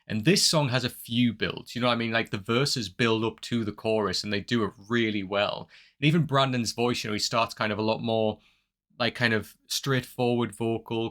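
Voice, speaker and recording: A man's voice: lowish voice, fairly bright tone. A man giving casual, enthusiastic commentary on a song, full of gushing praise and fillers. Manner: upbeat sign-off plea to viewers. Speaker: music reaction YouTuber.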